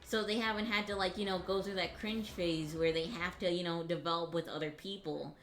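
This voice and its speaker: A woman's voice: fairly low pitch, steady tone, brisk, a bit bright. Young woman co-hosting a stream, rambly, says like a lot, some faint noise behind her. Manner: rambling, thoughtful, many filler words. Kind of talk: casual chat.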